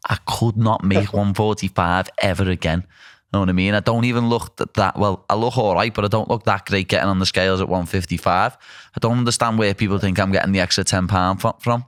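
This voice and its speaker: Liverpool guy hosting, really low voice, dry sound, blunt and chatty. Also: a bit bright, no room sound. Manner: blunt, chatty, self-deprecating. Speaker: podcast host. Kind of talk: casual chat.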